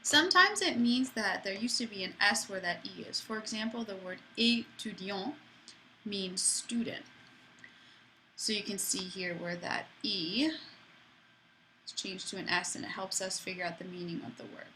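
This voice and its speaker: A woman explains French accents to her class, her voice bright and clear. She talks in a chatty, easygoing way and drops in playful asides. A faint noise sits under the recording. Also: mid-range voice, normal speed, low-quality recording. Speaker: French teacher. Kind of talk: classroom lesson.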